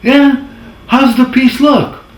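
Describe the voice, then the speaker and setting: A man doing an impression of an older, famous male crooner on the phone, high and loud, repeating himself insistently. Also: steady tone, slow pace, far from the mic. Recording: roomy with faint noise.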